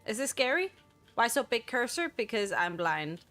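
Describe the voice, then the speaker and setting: A woman's voice: a little high, lively intonation, moderate pace, fairly bright tone, soft background music. A woman with a mixed Danish and Irish accent, chatting casually while gaming and talking through what she sees on screen. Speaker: gamer.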